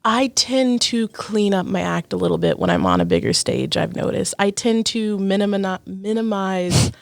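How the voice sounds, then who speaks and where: A woman's voice: medium pitch, big pitch swings, normal speed, creaky, no echo. Candid young woman guest, dry close sound, casual chat. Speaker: podcast guest.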